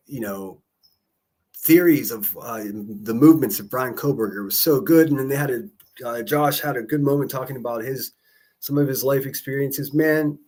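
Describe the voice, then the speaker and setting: Pittsburgh-male livestreamer, mid-pitched, loose and profane, rambling chat with jokey asides. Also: a little mellow.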